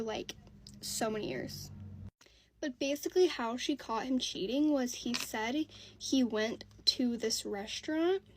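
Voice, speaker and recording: A woman's voice: on the high side, slight background noise. A woman telling a gossipy get-ready-with-me story in a chatty way, full of asides.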